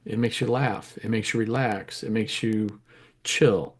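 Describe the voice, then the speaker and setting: Man, middle-aged, low-pitched, rambling candid storyteller, interview guest. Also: steady tone, a little slow, slightly rough. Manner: rambling, candid, self-correcting. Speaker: interview guest, home grower.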